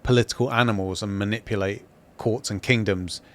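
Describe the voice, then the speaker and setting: Excitable man reviewing a fantasy show. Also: on the low side, a little fast. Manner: animated, acts out quoted lines, frequent restarts. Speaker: podcast co-host. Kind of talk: casual review chat.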